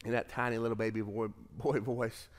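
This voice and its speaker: A middle-aged man preaching a sermon as pastor, telling a family story in an earnest way and swelling louder on key phrases. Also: mid-range voice, level tone, brisk. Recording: long hall reverb.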